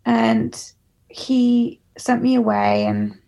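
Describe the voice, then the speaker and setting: A woman's voice: on the high side, level tone, very slow, vocal fry, dark tone. A young English woman, a musician, telling a candid and emotional story from her childhood in an interview. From England. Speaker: musician guest.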